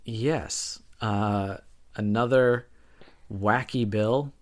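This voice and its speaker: A man's voice: fairly low pitch, extremely slow. A young man co-hosting a podcast in casual chat, explaining at length while hedging and correcting himself. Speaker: podcast co-host.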